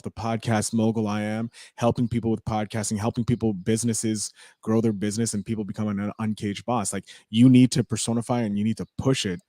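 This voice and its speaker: Energetic podcast host man, mid voice. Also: fairly low pitch, dry recording, clean studio sound. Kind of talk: casual podcast conversation.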